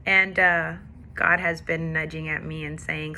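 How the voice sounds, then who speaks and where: A woman with a bright, forceful voice pitched a little low speaks candidly about her struggles in a personal faith vlog. She tells her story in an emotional, confessional way. A faint hum sits behind her. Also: level tone, measured pace, gravelly. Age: adult with a daughter. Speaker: faith vlogger.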